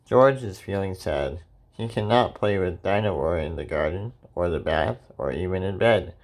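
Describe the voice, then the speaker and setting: Man, children's book read-aloud, very low voice, vocal fry. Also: animated, moderate pace. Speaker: reader.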